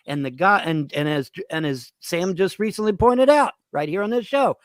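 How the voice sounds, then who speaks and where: A man rants through his show in a profane, repetitive stream, tripping over fillers. His voice sits a bit high for a man and sounds close and dry. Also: animated, normal speed, no room sound. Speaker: host. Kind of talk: ranting commentary.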